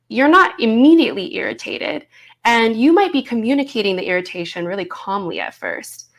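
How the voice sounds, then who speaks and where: A woman in her thirties teaching an online course, speaking in a reflective way and often checking in with her listeners. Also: on the low side. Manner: reflective, warm teaching tone with frequent "right?" check-ins. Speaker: voice coach.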